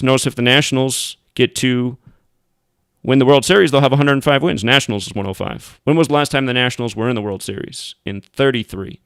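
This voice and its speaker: A man holds forth in a heated monologue, cursing and jeering at his listeners. His voice is smooth and full, heard close up with no room sound at all. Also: medium pitch, fairly even intonation, fairly quick, fairly bright tone, no echo. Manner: profane, angry, mocking outbursts. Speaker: host. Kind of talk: ranting commentary monologue.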